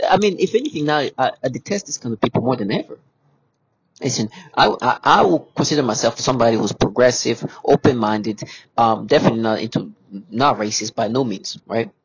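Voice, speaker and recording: A man's voice: medium pitch, breathy edge. A man giving an agitated, repetitive monologue as a vlogger, his voice often climbing as he gets worked up. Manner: agitated, repetitive, voice rising when upset. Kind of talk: casual monologue to camera. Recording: dull lo-fi audio with faint noise.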